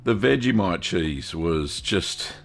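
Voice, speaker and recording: A man's voice: deep voice, animated, takes it slowly, soft background music. An Australian man hosting a live Q&A stream, chatting casually in a folksy way, greeting viewers by name and filling gaps with ums and uhs. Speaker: host of a cheese-making livestream.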